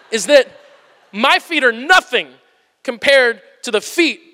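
A man in his thirties preaches with an animated, self-mocking humor and a very high, bright voice. His words carry a long reverb tail from a large church sanctuary. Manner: animated, joking and self-deprecating. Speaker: pastor. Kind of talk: humorous sermon.

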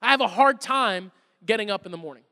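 A man's voice: high-pitched, lively intonation, fast, sharp tone. A man in his thirties preaching an Easter sermon as pastor, telling funny stories about his kids with self-deprecating asides. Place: church auditorium. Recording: long reverb of a large hall.

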